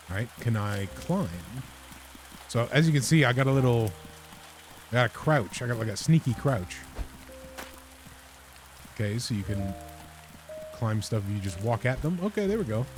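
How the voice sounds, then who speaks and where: A man's voice: medium pitch, normal speed, pauses often, faint music behind. A man giving casual, rambling let's-play commentary, often laughing at himself. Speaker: game streamer.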